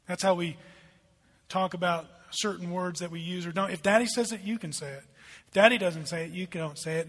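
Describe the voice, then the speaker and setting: A middle-aged man preaching a sermon as pastor, swinging between loud emphatic lines and hushed asides. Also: high-pitched. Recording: long hall reverb.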